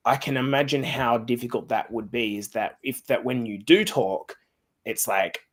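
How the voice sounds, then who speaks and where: A man hosting a casual podcast conversation. He talks bluntly and swears freely, at an ordinary middle pitch, and winds up with an upbeat sign-off. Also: moderate pace, a bit bright. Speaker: podcast host.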